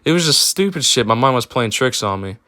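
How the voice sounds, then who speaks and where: A man's voice: medium pitch, expressive, a little fast, bright, forceful tone, no echo, studio quality. A young man telling a personal story in a casual, rambling way, with lots of fillers and swearing. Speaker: storytime vlogger.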